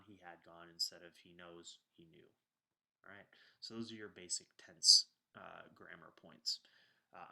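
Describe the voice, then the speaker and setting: Guy teaching a grammar class on video, deep voice but really sharp and bright, lots of uhs and ums, gets loud on key words. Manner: relaxed explaining with frequent ums and uhs. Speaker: instructor. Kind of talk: recorded grammar lecture.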